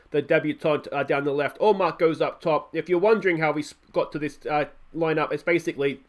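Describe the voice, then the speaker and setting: A young man with an Australian accent commentating his own football management game in a chatty, self-mocking way. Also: a little high. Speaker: gaming YouTuber. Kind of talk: let's play commentary.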